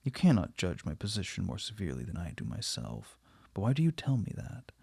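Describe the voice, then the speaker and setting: A man's voice: low-pitched, huge pitch swings, a little fast, gravelly, a little mellow, slightly rough, dry recording, clean studio sound, exaggerated voice. A man reading the part of an anguished young wife who pleads passionately. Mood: pained.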